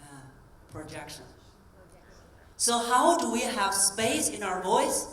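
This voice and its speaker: A woman voice coach giving a live stage talk, coaching the audience through breathing exercises in a clear, encouraging tone. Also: fairly high pitch, lively intonation, a little slow. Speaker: voice coach and keynote speaker. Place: convention hall stage. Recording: roomy hall sound from a distance.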